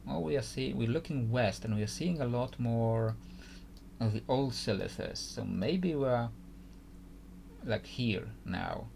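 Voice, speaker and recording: A man's voice: mid-range voice, expressive, a little slow, gravelly, a little mellow, slight background noise. A man giving casual gameplay commentary, hesitant and thinking aloud with frequent restarts. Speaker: gaming YouTuber.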